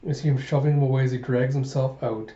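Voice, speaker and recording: A man reading a manga aloud with commentary, retelling the scenes in an animated way. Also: mid-range voice, fast talker. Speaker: manga reviewer. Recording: dull echoey home recording.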